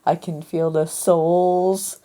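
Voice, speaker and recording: A woman's voice: on the low side, little pitch movement, slow, warm tone. A woman co-hosting a casual radio chat, talking earnestly and a bit self-consciously in rambling sentences. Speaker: radio show co-host.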